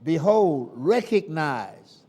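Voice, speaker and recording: Southern male preacher, high and animated, slow deliberate sermon cadence with sudden loud calls. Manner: call-and-response preaching with sudden loud and soft swings.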